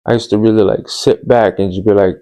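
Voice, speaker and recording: Slightly fast and steady, this man's fairly low voice is cleanly recorded as he tells a personal tale on his podcast. The telling is open and meandering, packed with fillers and street slang, before he grows quiet and subdued.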